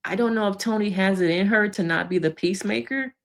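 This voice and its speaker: A woman therapist giving a casual, animated recap of a reality show episode, acting out quotes and laughing along the way. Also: medium pitch, fairly quick, gravelly.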